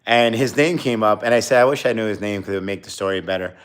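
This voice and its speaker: Low, smooth-voiced man telling stories. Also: quick pace. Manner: rambling, filler-heavy anecdote telling with quoted dialogue. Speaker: streamer. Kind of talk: casual storytelling.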